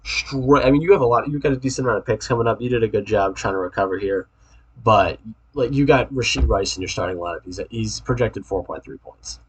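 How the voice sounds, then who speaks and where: A man's voice: fairly low pitch, fairly quick, husky, rough recording. A young man giving casual, profane, trash-talking fantasy football rankings to his league mates, rambling with restarts.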